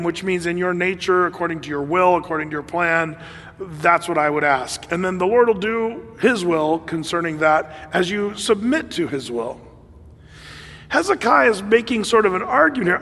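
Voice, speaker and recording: A man preaching a sermon in a conversational, animated way, with laughs and fillers. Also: high voice, normal speed, long reverb tail. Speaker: pastor.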